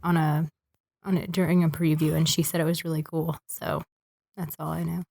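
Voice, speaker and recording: A woman co-hosting a podcast, hoarse from a cold, chatting casually. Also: low voice, little pitch movement, normal speed, a little mellow. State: hoarse from being sick. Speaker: podcast co-host. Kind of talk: casual chat.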